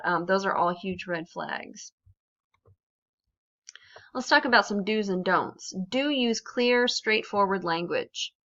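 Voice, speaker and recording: A woman with a bright, forceful voice gives a relaxed, conversational writing lesson, often pausing with ums while she explains. The sound is a little dull and lo-fi. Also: medium pitch. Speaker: academic writing specialist. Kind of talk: instructional talk on writing.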